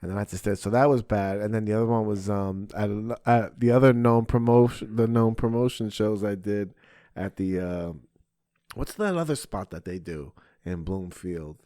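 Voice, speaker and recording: A man's voice: fairly low pitch, moderate pace, warm tone, dry recording, studio quality. A young adult man, a podcast host and stand-up comedian, telling a story in casual chat and acting out his own stage lines.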